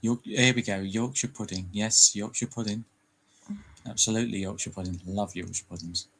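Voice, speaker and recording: A man's voice: lowish voice, steady tone, normal speed, vocal fry, a bit bright, slightly rough, rough recording. A British man chatting casually on a livestream, joking and laughing often. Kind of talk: casual chat.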